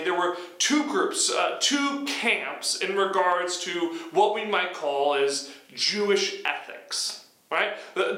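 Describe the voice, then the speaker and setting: Preacher, male, high bright voice, conversational sermon delivery with stumbling restarts, echoey room. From United States. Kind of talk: sermon teaching.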